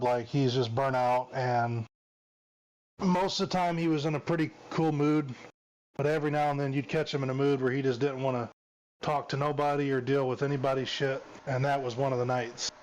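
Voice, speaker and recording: A man's voice: medium pitch, steady tone, normal speed, darkish tone, rough recording. A former police officer, a man, telling a long story in casual chat, repeating words and "he said" often.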